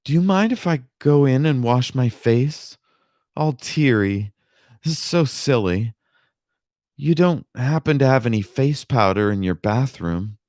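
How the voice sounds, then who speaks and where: A man's voice: mid-range voice, animated, measured pace, darkish tone, no room sound, studio quality, pitched above the performer's own voice, natural voice. A man doing a coy young woman. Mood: pleading. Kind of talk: audiobook reading with character voices.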